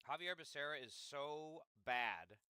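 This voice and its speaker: A man's voice: a little high, expressive, unhurried, bright, forceful tone, smooth, dry recording. A man hosting a casual livestream, rambling and swearing freely while he eats and greets viewers at a close desk microphone. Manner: rambling, profane, talks while eating. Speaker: livestream host.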